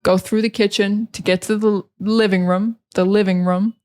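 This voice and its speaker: A young American woman talks through an English pronunciation lesson in a loose, chatty way. She says each word over and over, slowly and clearly, so learners can copy her. Her voice sits at an ordinary middle pitch. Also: little pitch movement, a little mellow. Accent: General American. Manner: chatty, repeats words slowly to model pronunciation. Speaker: English teacher.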